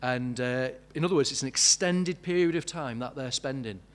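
A man's voice: mid-range voice, normal speed. A man preaching a sermon, asking many questions and building to emphatic peaks.

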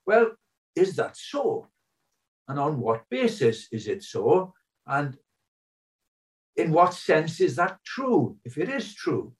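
A man's voice: a little high, sing-song, takes it slowly, pauses often, distant mic, rough recording. An older man preaching a sermon, earnest and full of rhetorical questions.

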